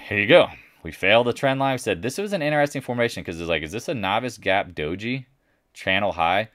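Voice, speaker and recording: A man's voice: fairly low pitch, animated, quick pace, a bit bright, dry recording, clean studio sound. A man hosting a casual market recap, talking bluntly and boastfully, with mocking asides. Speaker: market commentary host.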